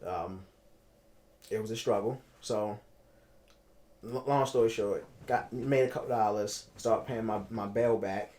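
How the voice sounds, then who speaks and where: A man, telling his own story in a casual interview, animated and repeating himself for emphasis. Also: fairly low pitch, a little slow, long pauses. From Baltimore, United States. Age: 30s.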